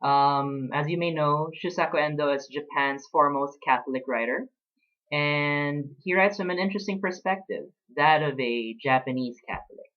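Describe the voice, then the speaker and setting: A man in his late twenties talking reflectively in a casual personal vlog, pausing often with fillers as he talks about books. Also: a little high, highs cut off. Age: late 20s. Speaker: vlogger.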